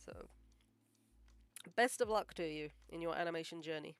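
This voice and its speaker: A woman's voice: deep voice, moderate pace, clear, resonant tone, no echo. A woman animator chatting casually on a livestream while she draws, rambling with lots of "like" and "um" and sounding modest and encouraging. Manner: rambling, full of "like" and "um". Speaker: animator live-streaming her work.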